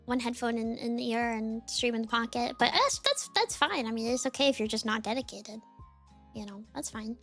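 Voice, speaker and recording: A woman's voice: fairly high pitch, fairly bright tone, soft background music. A woman streamer chatting casually with her viewers, giggly and teasing, her voice a bit worn. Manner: giggly, teasing, rambling with fillers; reads out chat names rapidly. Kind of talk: casual chat with chat.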